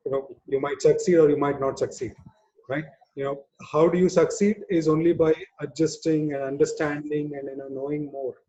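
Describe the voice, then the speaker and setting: A man's voice: on the high side, steady tone, normal speed, dark tone, highs cut off. A man speaking as a webinar presenter on people management, conversational, with many "you know" fillers. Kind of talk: webinar talk.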